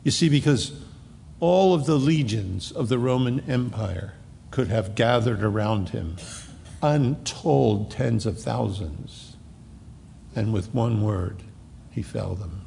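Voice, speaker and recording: A middle-aged man preaching a verse-by-verse sermon, reading scripture slowly and explaining it emphatically. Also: lowish voice, gravelly, dark tone, in a large hall, slight background noise. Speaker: pastor. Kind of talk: verse-by-verse Bible teaching sermon.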